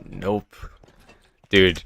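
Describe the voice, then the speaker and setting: A man's voice: very slow, a bit bright, a little hiss or hum. A young man live streaming a game, chatting loosely with his viewers and a sore throat. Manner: rambling, talks to chat between game tasks. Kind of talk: casual live-stream chat while gaming. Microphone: desk mic with noise gate.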